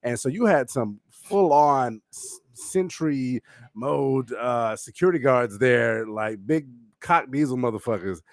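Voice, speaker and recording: A man's voice: medium pitch, expressive, unhurried, no room sound. A man co-hosting a casual podcast, rambling with many fillers and restarts and laughing often. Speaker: podcast co-host. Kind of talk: casual chat.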